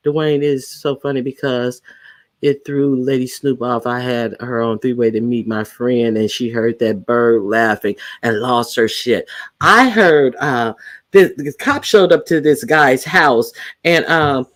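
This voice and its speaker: A man's voice: medium pitch, measured pace, a bit bright. A man hosting a live stream, chatting casually with viewers in a rambling way, full of fillers and restarts. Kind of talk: casual chat.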